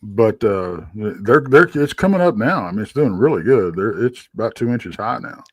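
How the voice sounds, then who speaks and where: A man's voice: lowish voice, expressive, normal speed, dry recording. A tired man, a regular on a live show, telling rambling stories in casual chat with lots of restarts. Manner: rambling storyteller with many restarts. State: tired, yawning late at night. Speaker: regular panelist.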